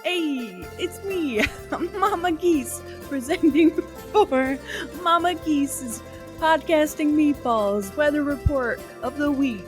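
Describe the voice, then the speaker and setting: A woman's voice: high voice, slow, faint music behind, voice pushed up. A woman doing a hammy Italian meatball hostess. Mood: playful. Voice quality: put-on Italian accent, giggly. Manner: announcer-style, breaking into laughter.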